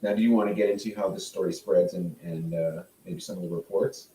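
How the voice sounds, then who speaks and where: A man's voice: low voice, brisk, distant mic. A man co-hosting a casual podcast, teasing and questioning his partner. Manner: lively, teasing, asks questions. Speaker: podcast co-host. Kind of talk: casual chat. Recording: roomy and off-mic.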